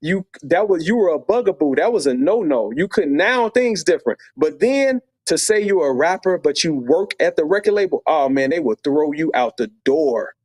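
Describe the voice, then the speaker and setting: Animated storyteller man from Chicago. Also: a little high, normal speed, few pauses, dry recording. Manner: animated, acts out quoted voices. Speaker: guest. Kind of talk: storytelling in a podcast interview.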